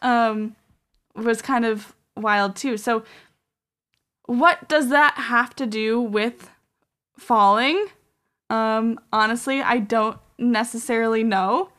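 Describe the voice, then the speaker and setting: A woman's voice: on the high side, takes it slowly, fairly bright tone, clean tone. A woman hosting a podcast, telling a story in a casual, rambling way full of "um" and "like". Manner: rambling, filler-heavy with many "um" and "like". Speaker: podcast host.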